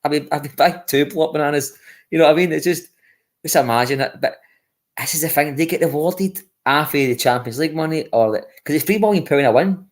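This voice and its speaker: A man's voice: a little high, fairly quick. Blunt Scottish man on a football podcast. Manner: blunt, repeats words, swears. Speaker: podcast co-host. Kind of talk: casual football podcast chat.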